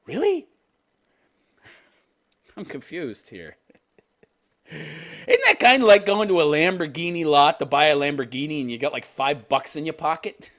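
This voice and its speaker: A man's voice: fairly high pitch, very animated, unhurried, long pauses, fairly bright tone. A man in his fifties reading a news story aloud and mocking it with crude, sarcastic jokes, laughing at his own lines. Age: 50s. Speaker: commentary channel host.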